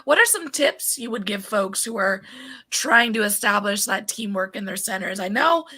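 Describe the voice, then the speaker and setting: A woman hosting a podcast interview, chatty and quick to laugh, with plenty of fillers. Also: mid-range voice, expressive, sharp tone. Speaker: podcast host. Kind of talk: casual interview chat.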